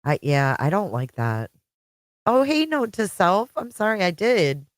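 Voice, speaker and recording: Middle-aged woman, deep voice, friendly rambling livestream host, dry close sound. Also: huge pitch swings, unhurried, dry recording. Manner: chatty, greets viewers by name. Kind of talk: casual live-chat stream.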